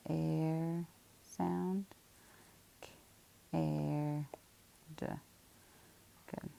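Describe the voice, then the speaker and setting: A middle-aged woman teacher leads a spelling lesson in a patient, methodical way, sounding out each step. Her voice sits low and is heavily gravelly, with a mellow, dark tone. She speaks at an unhurried pace. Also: a little hiss or hum, rough recording.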